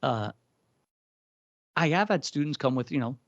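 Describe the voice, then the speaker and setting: A man, a singing teacher, chatting casually with another vocal coach and telling stories with quick acted-out quotes. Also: medium pitch, no room sound, lo-fi sound. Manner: fast, animated storytelling with sung and acted quotes. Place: coaching studio.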